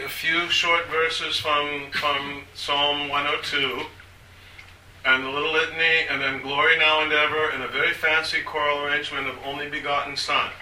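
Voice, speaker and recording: An older man giving an informal talk to a small group, rambling and halting with many restarts. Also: on the high side, sharp tone. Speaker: speaker on church liturgy. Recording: echoey room from far off, faint hiss.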